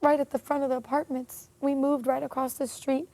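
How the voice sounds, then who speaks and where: A woman telling a painful personal story in an interview, earnest and emotional, with many pauses and fillers. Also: sits high, little pitch movement, dark tone, no echo. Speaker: interview guest.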